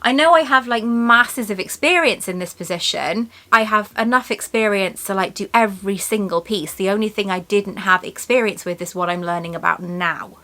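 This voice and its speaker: A woman's voice: medium pitch, normal speed, few pauses, sharp tone. A woman vlogger talking in a casual, chatty way with lots of fillers. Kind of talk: casual chat.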